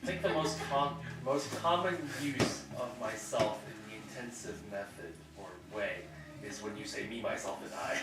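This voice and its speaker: A man's voice: mid-range voice, normal speed, loud music behind the voice. A man student in a class, making joking side remarks. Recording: distant, echoey, noisy classroom.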